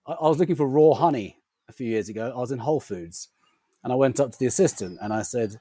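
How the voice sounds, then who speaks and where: Podcast guest with a non-rhotic, R-dropping accent. Man, mellow tone, pitch swings widely. Dry room. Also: fast, husky, no room sound. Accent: non-rhotic English, drops R sounds. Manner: animated, laughing anecdote teller. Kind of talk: casual storytelling chat.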